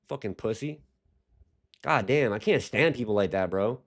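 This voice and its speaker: A man's voice: mid-range voice, animated, normal speed. A young man hosting a livestream, talking casually and ranting at his chat with heavy profanity. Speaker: livestream host.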